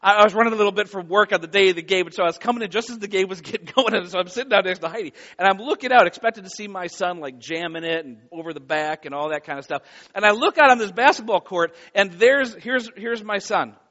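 A middle-aged man preaching a sermon as a pastor, earnest and growing loud and animated as he tells a story. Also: sits high, fast. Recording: dull lo-fi sound.

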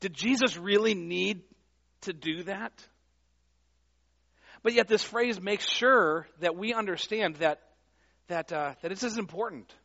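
A man's voice: high voice, a little slow, vocal fry, long pauses, bright, forceful tone, muffled recording. A male pastor preaching a sermon in a conversational, emphatic way, with frequent fillers and restarts.

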